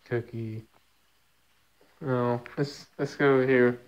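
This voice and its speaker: A man's voice: medium pitch, level tone, very slow, pauses often, clear, resonant tone, dull audio. A man chats to his pets at home in a loose, unscripted way. He scolds and teases them, stammering and repeating words as he restarts his sentences. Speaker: cat owner talking to his cats. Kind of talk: casual talk to pets.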